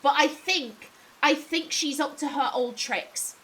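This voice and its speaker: High, bright-voiced English woman gamer. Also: a little slow. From England. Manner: chatty, theorizing, animated. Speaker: let's play streamer. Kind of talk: casual gameplay commentary.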